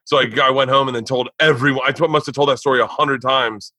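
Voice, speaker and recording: A man, a comedian, telling a profane story in casual podcast talk, animated and laughing. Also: medium pitch, quick pace, no echo, poor audio.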